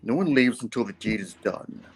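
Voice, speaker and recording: A man playing a heavyset male crime boss who speaks in a slow, threatening way. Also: mid-range voice, lively intonation, husky. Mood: menacing.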